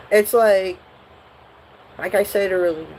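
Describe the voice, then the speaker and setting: A woman's voice: mid-range voice, darkish tone, a little hiss or hum, low-quality recording. Blunt, profane woman tarot reader. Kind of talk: live tarot reading.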